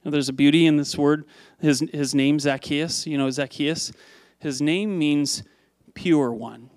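A man delivers a sermon in a relaxed, conversational way, pitched a little higher than most men. His words often double back on themselves as he thinks aloud. He keeps checking in with the congregation, and the recording is dry and close. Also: measured pace, no room sound. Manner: lively, repeats words, asks the congregation questions. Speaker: pastor.

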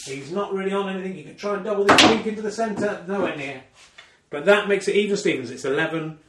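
Higher-voiced man doing dry mock commentary. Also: fast, heavy background noise. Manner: dry, self-mocking asides. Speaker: solo snooker commentator. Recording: roomy sound from a distant omni mic.

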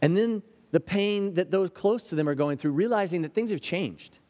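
A pastor gives an earnest sermon in a fairly high, darkish voice at a moderate pace, telling stories and sometimes acting out a worried child's voice. A long reverb makes his words ring out as if in a large hall.

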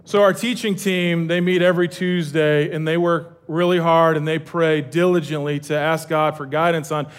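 A middle-aged man preaching a casual, humorous sermon from a church stage. He is energetic and joking, and often restarts his sentences. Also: fairly high pitch, normal speed, hardly any pauses, smooth. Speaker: pastor.

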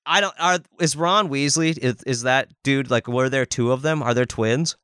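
A man's voice: mid-range voice, normal speed, a bit bright, smooth, no room sound, studio quality. A man co-hosting a podcast, rambling and joking crudely in casual chat. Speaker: podcast co-host.

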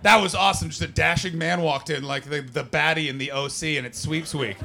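An American man doing stand-up with crowd work, brash and profane, switching between muttered asides and loud rants in a comedy club. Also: on the high side, steady tone, fairly quick, gravelly, noisy background.

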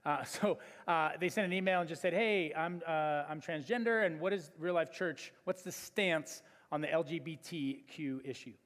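A male pastor preaching a sermon, telling stories in an animated way with many fillers and restarts. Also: fairly high pitch, moderate pace, hardly any pauses. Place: church hall. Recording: long church hall reverb.

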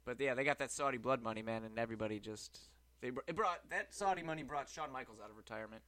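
A man's voice: mid-range voice, quick pace, pushed and bright, no room sound. A man co-hosting a podcast, asking questions and throwing in teasing jokes in casual chat. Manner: wisecracking questions and teasing asides. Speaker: podcast co-host.

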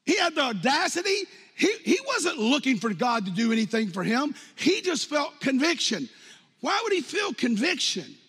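A man in his fifties preaching a sermon as pastor, animated, jumping from loud outbursts to hushed lines and acting out quotes. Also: very high-pitched, moderate pace. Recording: long hall reverb.

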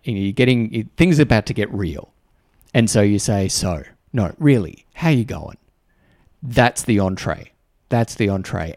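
A man's voice: mid-range voice, a little mellow, dry recording. A man hosting a solo podcast, talking in a reflective, conversational way that often restarts and repeats words. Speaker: podcast host.

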